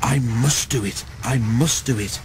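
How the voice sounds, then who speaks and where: A man's voice: mid-range voice, a little slow, noisy background, lightly acted. A man voicing a big, proud male steam engine who is anxious and determined, with puffing, straining exclamations, in a storybook reading.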